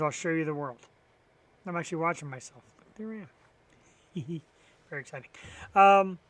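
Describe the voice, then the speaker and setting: A man's voice: high voice, fairly bright tone, no room sound. A man hosting a live online talk show on his own, rambling casually with wry, profane asides. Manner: rambling, profane and wry, sarcastic about sports. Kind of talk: solo live-stream chat filling time.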